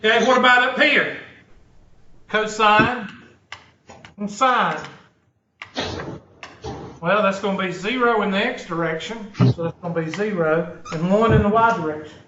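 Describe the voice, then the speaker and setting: A man's voice: high-pitched, unhurried, pauses often, background noise. A man teaching a math class in a classroom, blunt and joking, wandering off into stories. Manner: joking, digressive, blunt storyteller. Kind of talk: classroom lecture. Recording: roomy, distant, dull lo-fi room recording.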